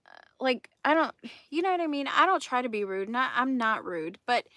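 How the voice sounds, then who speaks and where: A woman's voice: high voice, big pitch swings, moderate pace, bright, forceful tone, dry recording, studio quality. A woman in her thirties hosting a crochet channel, chatting casually with viewers and telling stories with frequent laughs. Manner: chatty storyteller who laughs often. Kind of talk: casual livestream chat, answering comments.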